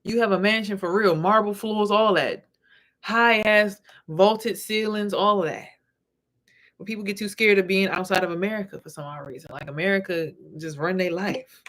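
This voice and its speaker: A woman who vlogs and does spiritual readings talks bluntly to camera in a casual monologue, telling stories laced with profanity. Her mid-range voice is a bit bright and moves at a normal speed.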